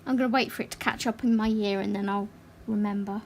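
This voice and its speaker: A woman's mid-range, gravelly voice carries fairly even intonation as she hosts a colouring livestream. Chatty and a little rambling, she laughs easily during the casual talk, with a faint hiss or hum behind her.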